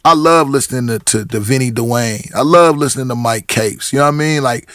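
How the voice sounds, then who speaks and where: A man's voice: mid-range voice, a little fast, a bit bright, no echo, studio quality. A middle-aged man from Portland, a rapper talking as a podcast guest in casual chat, telling stories with many restarts and acted-out quotes. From Portland, Oregon.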